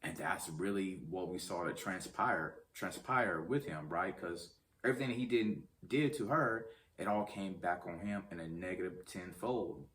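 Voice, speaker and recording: A man's voice: low voice, unhurried, fairly bright tone, distant mic. A man hosting his own movie review channel, chatting casually to viewers with lots of ums and restarts. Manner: chatty, talks straight to viewers; rambling, many ums and restarts. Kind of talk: casual film review vlog.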